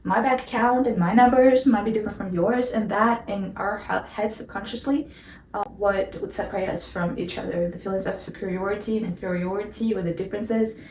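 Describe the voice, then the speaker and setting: A woman's voice: medium pitch, steady tone, a little fast, darkish tone, slight background noise. A young woman explaining an idea in a casual vlog, earnest and hedging, with repeated disclaimers that she is no expert. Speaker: vlogger. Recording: roomy echo, mic at a distance.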